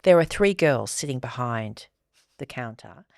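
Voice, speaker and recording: A woman in her forties, co-hosting a podcast and telling animated stories with dry humour in casual chat. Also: a bass voice, unhurried, no echo. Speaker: podcast co-host.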